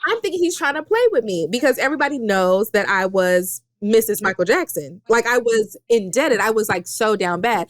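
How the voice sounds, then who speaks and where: A woman in her thirties, a podcast co-host telling a story in casual chat, dramatic and quick to laugh and swear. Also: medium pitch, no room sound. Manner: animated, dramatic, swears freely, laughs often.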